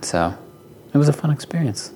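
A man's voice: on the high side, big pitch swings, moderate pace, warm tone, a little hiss or hum. A man co-hosting a podcast, joking around and reading out listener questions. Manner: jokey, reads listener questions. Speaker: podcast co-host. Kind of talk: casual podcast chat.

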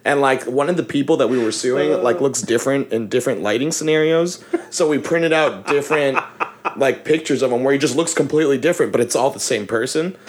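A young man hosting a casual chat, telling an animated story with lots of laughter and swearing. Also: medium pitch, a little fast. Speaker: podcast host.

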